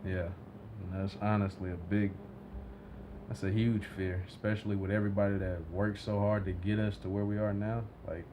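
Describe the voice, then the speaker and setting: A low-pitched man co-hosts a podcast, talking casually and asking earnest, probing questions. A faint hum sits behind his voice. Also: flat delivery, moderate pace. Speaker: podcast co-host. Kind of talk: casual conversation.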